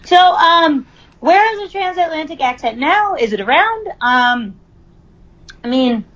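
A woman's voice: high-pitched, animated, unhurried, a bit bright. A young woman hosting a podcast in casual chat, talking with lots of ums and likes. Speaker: podcast host. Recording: slightly dull, lo-fi audio.

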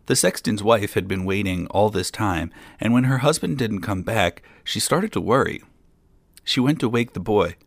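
A man narrating a fairy tale in a measured way, with dry amused asides. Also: lowish voice, animated, gravelly, no room sound. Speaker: storyteller.

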